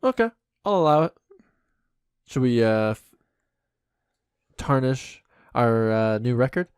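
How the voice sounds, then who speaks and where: Male co-host, mid-pitched, playful and riffing, dead-dry close sound. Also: animated, slow, darkish tone, clean tone, dry recording. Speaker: podcast co-host. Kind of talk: casual comedic chat.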